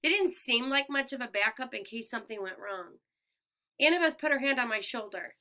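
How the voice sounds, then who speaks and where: A woman narrating a first-person audiobook in a clear, expressive storytelling manner. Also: fairly high pitch, a little fast. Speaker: audiobook reader.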